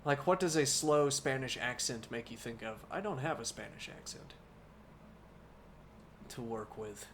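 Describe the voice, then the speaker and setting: A man of middle pitch reads an old novel aloud as a bedtime story, taking his time over the lines. He drifts off into relaxed asides to his live audience between passages, with a faint hiss of noise under the voice. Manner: unhurried reading, musing asides to viewers.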